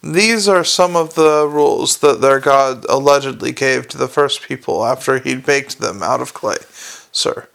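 A man's voice: medium pitch, unhurried, vocal fry, a bit bright. A man voicing a prim, preachy young constable. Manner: reproachful, earnest and preachy. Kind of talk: audiobook character reading.

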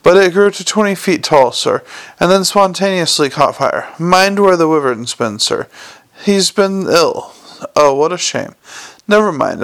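A man puts on a cackling rustic old keeper, grumbling in folksy, old-fashioned speech. The pitch sits a little high for a man. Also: fairly bright tone. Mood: chatty.

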